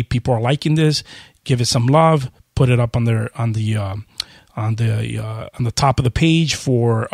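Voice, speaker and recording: A man hosting a podcast, talking fast in a chatty, casual way, full of fillers and restarts. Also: medium pitch, darkish tone, dry recording, clean studio sound. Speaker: podcast host.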